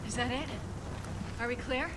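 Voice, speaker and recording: An actress playing an alert young female soldier in a video game, asking quick, wary questions. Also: high-pitched, fairly even intonation, lightly acted. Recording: game audio with noise.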